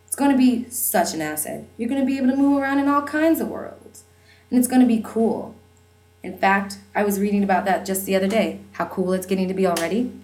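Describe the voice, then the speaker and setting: A woman's voice: medium pitch, fairly quick, a little mellow, echoey room, close to an everyday voice. A woman reading a novel aloud, voicing a glib, upbeat stepfather who teases lightly. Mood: breezy. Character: breezy upbeat stepfather, wry and jokey.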